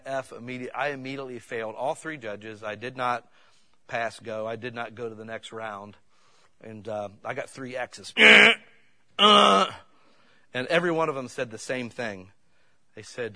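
A man's voice: medium pitch, moderate pace, bright, forceful tone. A middle-aged man preaching a sermon, telling a personal story in a folksy, conversational way that rises to fervent peaks. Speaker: pastor.

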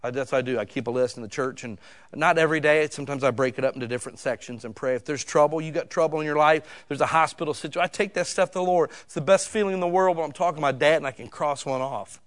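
A middle-aged man preaching in a plain, folksy manner. His voice sits a little high for a man, and he talks casually, then breaks into loud, emphatic stretches. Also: quick pace. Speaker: pastor. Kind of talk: sermon.

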